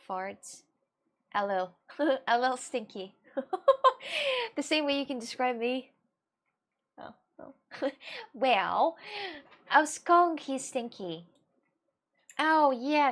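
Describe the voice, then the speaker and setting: A young woman whose first language is Russian, livestreaming and chatting casually with her viewers, scattered and giggly, often laughing and restarting her sentences. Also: high-pitched. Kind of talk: casual chat with live viewers.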